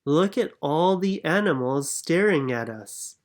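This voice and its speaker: A reader voicing an anxious young girl in a children's storybook, speaking gently and earnestly in a slightly raised voice. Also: mid-range voice, lively intonation, a little slow, voice pushed up, lightly acted. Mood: worried. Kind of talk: storybook reading.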